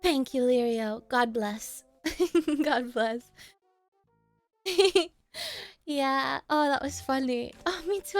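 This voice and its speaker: A woman's voice: high voice, drawn-out words, long pauses, faint music behind. A young woman streaming live, chatting with her viewers in a playful, teasing way and laughing often. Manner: teasing banter with chat. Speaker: streamer reacting to chat. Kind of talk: casual live-stream chat.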